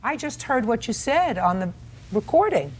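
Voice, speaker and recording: Sharp, scolding TV court judge woman. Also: a little high, sing-song, normal speed, a little hiss or hum. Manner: sharp, scolding, interrupts constantly. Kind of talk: courtroom TV show. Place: TV courtroom set.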